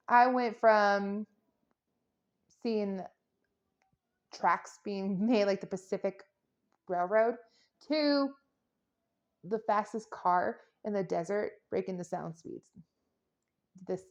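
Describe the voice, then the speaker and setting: A woman's voice: mid-range voice, dull audio. A woman giving a casual tarot reading, chatty and playful, rambling into jokes and silly sound effects. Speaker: tarot reader.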